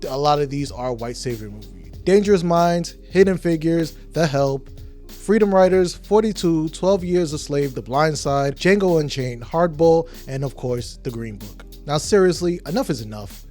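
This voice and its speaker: Male podcast host with a somewhat high voice, ranting hard with heavy swearing over quiet music. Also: animated, normal speed. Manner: emphatic, profane, heated. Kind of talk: opinion rant.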